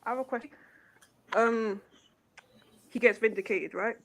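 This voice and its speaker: A woman's voice: on the high side, measured pace, slight background noise. A woman calling into a live stream as a guest, earnestly asking heartfelt questions. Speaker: guest caller. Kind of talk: casual live chat.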